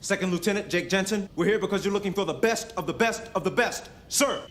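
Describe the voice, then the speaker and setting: An eager young soldier. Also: male voice, sits high, quick pace, a bit bright, a little hiss or hum. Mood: formal. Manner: crisp military formality. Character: eager young male soldier recruit, stiffly formal.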